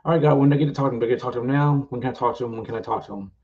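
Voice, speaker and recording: A man's voice: medium pitch, racing, a little mellow, lo-fi sound, natural voice. A man voicing Gary, an impatient, confused ordinary man who talks defensively.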